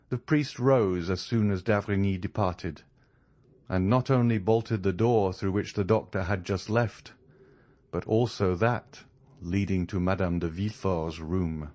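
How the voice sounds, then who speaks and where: A man narrating a classic novel audiobook in a measured, even reading. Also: sits low. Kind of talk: scripted narration.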